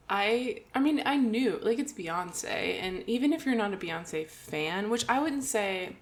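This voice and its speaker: A woman's voice: mid-range voice, animated, takes it slowly. Chatty woman co-hosting a podcast. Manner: chatty, laughs often, many likes. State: talking with mouth full. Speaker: podcast co-host. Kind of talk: casual podcast chat.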